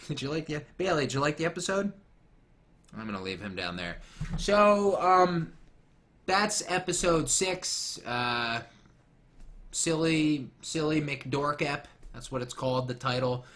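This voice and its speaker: A young man chatting through a casual commentary with a bright, forward tone. His pitch swings all over as he rambles and jokes. He keeps wandering off on tangents. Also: expressive, measured pace. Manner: rambling, jokey, goes off on tangents. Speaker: commentary host.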